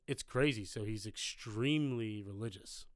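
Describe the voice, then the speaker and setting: A man co-hosts a live podcast, spinning loose, rambling stories laced with profanity in casual conversation. His voice is on the low side and moves at a normal speed. The recording is dry and clean, with studio sound.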